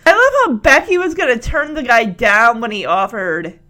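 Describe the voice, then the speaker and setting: A woman's voice: on the high side, sing-song, normal speed, pushed and bright. A woman chatting casually as she recaps a TV episode, rambling and laughing often.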